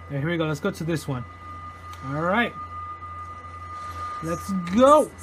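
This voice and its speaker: A man playing a horror game and commenting casually, jumpy and swearing constantly, yelling and laughing at the scares. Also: on the high side, slight background noise. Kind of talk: casual let's-play commentary.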